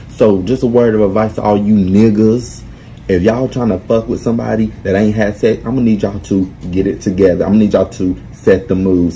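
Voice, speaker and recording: Deep gravelly young man, blunt and profane. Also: dark tone, a little hiss or hum, poor audio. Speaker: vlogger. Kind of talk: casual storytime monologue.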